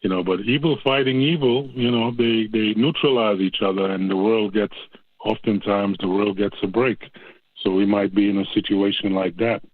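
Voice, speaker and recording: A male caller speaks in a fairly low voice, rambling on in a folksy, casual way. He comes through a narrow, tinny phone line. The sound is dry. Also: fairly even intonation, normal speed, no room sound. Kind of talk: casual call-in chat.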